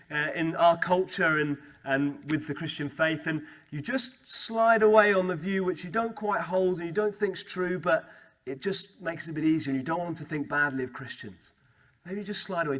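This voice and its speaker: A young man giving a lively, conversational talk to a student Christian group, repeating key phrases for emphasis. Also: sits high. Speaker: speaker at a student Christian Union meeting. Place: student meeting room.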